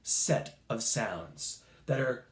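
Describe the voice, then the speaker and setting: A man teaching a recorded music lesson to children, slow, patient and encouraging, sometimes making playful animal sounds. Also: mid-range voice, echoey room.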